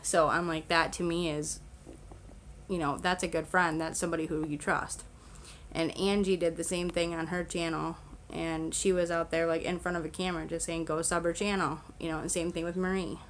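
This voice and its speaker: Over slight background noise from a fan in her home room, a young woman with a lowish, level voice talks at a moderate pace on her own livestream. Holding a camera on a selfie stick, she rambles casually, using many fillers and laughing often.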